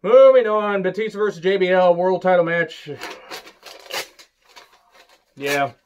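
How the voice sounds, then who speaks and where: A man's voice: high voice, a little slow, muffled recording. A man giving a casual, opinionated review, ranting, swearing and joking sarcastically, with sudden bursts of emphasis. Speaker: wrestling reviewer.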